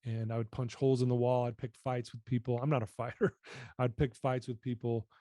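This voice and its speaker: Speaking quickly in a flat, dark, mid-range voice, a middle-aged podcast guest earnestly recounts his own life in an interview. He's candid and keeps circling back to the same phrases while confessing, and the studio sound is clean with no echo.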